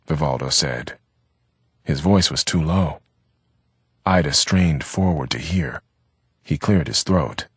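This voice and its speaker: A man narrating an audiobook in an expressive, measured way, recorded close and dry. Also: a bass voice, slightly rough, dry recording.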